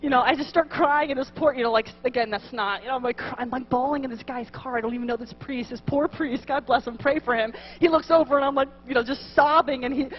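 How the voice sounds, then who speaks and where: High-voiced woman telling an animated testimony. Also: fast talker, few pauses. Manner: animated storytelling with playful asides to the audience. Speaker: conference speaker. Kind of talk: humorous personal testimony talk. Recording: dull lo-fi live recording.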